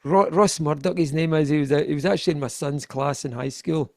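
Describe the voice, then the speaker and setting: A Scottish man speaks with a slightly raised, gravelly voice. He rambles in relaxed interview chat and keeps circling back to restart his thoughts. The recording is dry and close. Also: a little high, fairly quick, no room sound. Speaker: guest, keyboardist.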